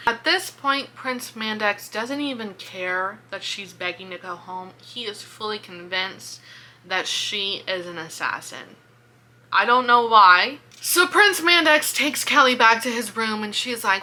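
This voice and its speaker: A woman casually retelling a book's plot in a video review, chatty and animated, swearing and filling with "like". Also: mid-range voice, measured pace, slight background noise. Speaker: book reviewer. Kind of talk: casual book-review vlog.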